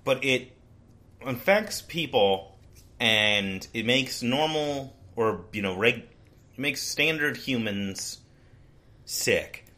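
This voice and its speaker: A man's voice: medium pitch, expressive, slow, pushed and bright. A man co-hosting a casual book discussion podcast, summarizing the plot in a rambling way with frequent restarts. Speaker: podcast co-host.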